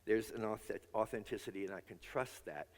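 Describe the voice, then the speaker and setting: A man's voice: fairly low pitch, normal speed. A man preaching a sermon as minister, earnest, leading his congregation in spoken affirmations. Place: large church sanctuary. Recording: long hall reverb.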